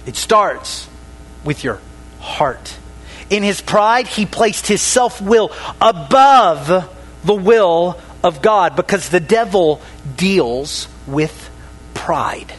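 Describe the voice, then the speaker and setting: High-pitched guy preaching a sermon, slow and drawn out, drops his voice for effect, gets the crowd to answer. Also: lively intonation, husky. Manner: dramatic pauses, drops voice low on key words; calls for congregation response.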